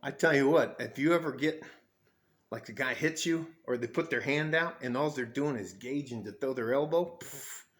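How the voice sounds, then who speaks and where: A man's voice: medium pitch, moderate pace, a bit bright. A middle-aged man telling a story in a casual vlog from his backyard, blunt and profane, rambling with restarts. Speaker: vlogger. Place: outdoors in a backyard by a pool.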